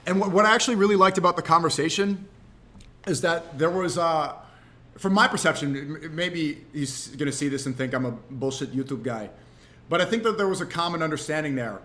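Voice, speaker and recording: A man streaming, telling a story in a casual, animated, rambling way with frequent restarts. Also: a little high, a little fast.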